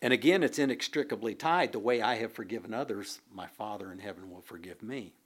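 A man preaching a sermon, reading scripture and explaining it in a deliberate, unhurried way with occasional fillers. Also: fairly low pitch. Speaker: pastor.

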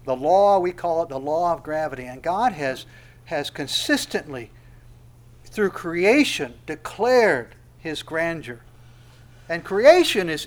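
A man preaching a sermon verse by verse, dropping to a soft, hushed tone and then rising to loud, emphatic stress, slowing down on scripture phrases. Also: high voice, expressive. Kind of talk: expository sermon.

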